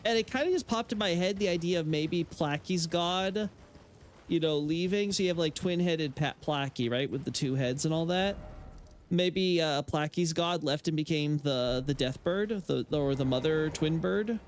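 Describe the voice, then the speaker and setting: Male lore streamer, higher-pitched, rambling and opinionated, casual on-stream chat. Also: moderate pace, a little hiss or hum. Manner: rambling, frequent fillers and restarts, opinionated. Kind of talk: casual live-stream chat while playing.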